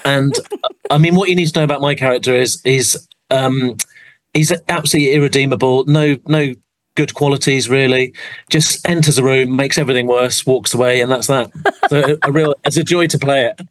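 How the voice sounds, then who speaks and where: A man's voice: mid-range voice, steady tone, brisk, no room sound, rough recording. An English man, an actor being interviewed, talking in a rambling, self-deprecating way with lots of restarts. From England. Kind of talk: casual interview chat.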